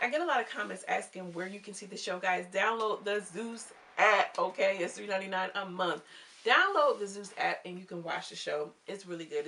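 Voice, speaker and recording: A woman's voice: mid-range voice, recorded from a distance, noisy background. A woman recapping a reality show episode in a casual, gossipy vlog, chatty and full of slang.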